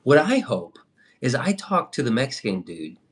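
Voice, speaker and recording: A man's voice: mid-range voice, wildly swooping pitch, normal speed, slightly rough. A young man chatting loosely on a livestream, swearing now and then and answering viewer comments. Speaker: livestream host. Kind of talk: casual livestream chat.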